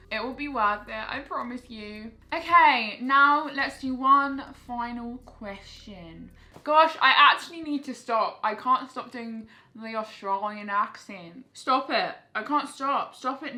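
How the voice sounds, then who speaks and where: A woman's voice: mid-range voice, sharp tone. A woman in her late teens chatting casually to camera in a Q&A vlog, with lots of "like" fillers. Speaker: YouTuber.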